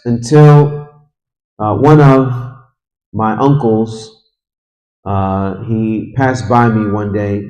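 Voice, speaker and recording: A man's voice: on the low side, a little mellow, poor audio. A man teaching a lesson in a mosque, retelling a story conversationally and with feeling, quoting Arabic and then translating it. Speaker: religious teacher.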